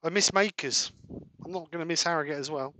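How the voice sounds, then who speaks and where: Bright-voiced man chatting in his workshop. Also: fairly high pitch, a little fast, a little hiss or hum. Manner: relaxed, practical, mutters while working. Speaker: woodturner hosting a live stream. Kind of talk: casual live-stream chat while demonstrating. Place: home workshop.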